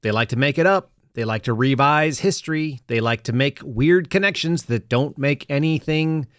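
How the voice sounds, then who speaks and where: A man's voice: medium pitch, moderate pace, fairly bright tone, dry recording, studio quality. A man hosting a podcast, delivering sarcastic, rambling political commentary with frequent restarts. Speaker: podcast host.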